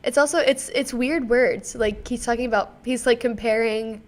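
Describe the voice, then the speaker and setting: A woman's voice: fairly high pitch, fairly even intonation, normal speed. A young woman co-hosting a music podcast in casual, rambling chat with many fillers, recorded on a desk mic in a small dorm-basement studio. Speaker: podcast co-host. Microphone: desk microphone.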